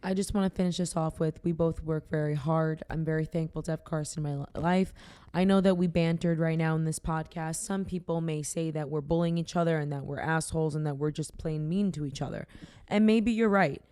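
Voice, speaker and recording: A woman's voice: low-pitched, fairly even intonation, fairly quick, warm tone, smooth, dry recording. A young woman hosting a podcast, chatting and teasing her co-host in a playful, casual way while having a drink. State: tipsy from drinking.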